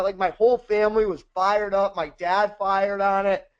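High-voiced man telling rambling stories. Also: level tone, moderate pace, hardly any pauses, clear, resonant tone, dull audio. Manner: profane, rambling storyteller. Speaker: podcast co-host. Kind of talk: casual chat.

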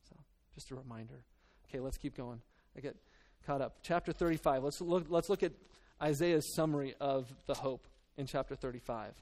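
A man's voice: medium pitch, darkish tone. Earnest man preaching a casual sermon. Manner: earnest, conversational, halting with restarts and fillers. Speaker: pastor.

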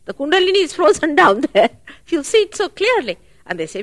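A woman giving a spiritual talk at a public program, animated and full of rhetorical questions. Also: sits high, brisk, no room sound. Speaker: spiritual teacher.

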